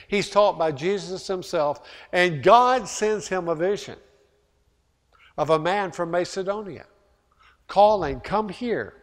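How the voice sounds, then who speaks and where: A man preaching a sermon as pastor, emphatic, with repeated rhetorical questions and loud peaks. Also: on the high side. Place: church sanctuary. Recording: long hall reverb.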